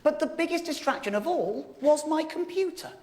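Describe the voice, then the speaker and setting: A man's voice: very high voice, expressive, normal speed, a little mellow. A man in his thirties telling a stand-up comedy story, wry and exasperated, mocking himself as he goes. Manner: wry, exasperated, self-mocking delivery with frequent laughter. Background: audience laughter.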